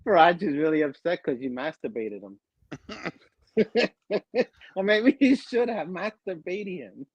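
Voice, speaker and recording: A teasing male podcast co-host who laughs through a casual sports chat. His voice sits a little high and swings widely in pitch. The sound is dry and close-miked. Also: expressive, measured pace, breathy edge, dry recording, highs cut off.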